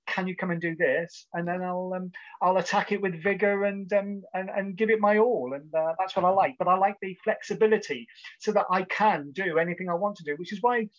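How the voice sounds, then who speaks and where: A man's voice: high-pitched, brisk, dull audio. A man from the West Country with an English accent, answering interview questions casually, with many ums and restarts. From West Country of England. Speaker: guest.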